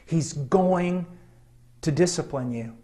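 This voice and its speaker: Middle-aged guy preaching, earnest and chatty, lots of ums, voice a bit on the high side. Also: takes it slowly. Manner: earnest, conversational, with frequent ums and soft chuckles. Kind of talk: sermon with personal story.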